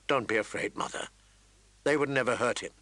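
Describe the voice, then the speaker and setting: A man reading an audiobook, voicing a calm young nobleman who speaks gently and quietly. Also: mid-range voice, fairly quick, no echo, close to an everyday voice. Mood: gentle. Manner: gentle, soft-spoken. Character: young nobleman, eldest son, calm and protective.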